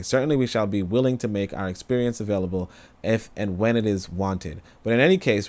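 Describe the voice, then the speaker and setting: A man's voice: lowish voice, a little mellow. A man hosting a stream, reading an essay aloud and breaking off for rambling, emotional asides full of fillers. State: tearful. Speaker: host reading and commenting. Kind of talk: livestream reading with casual commentary.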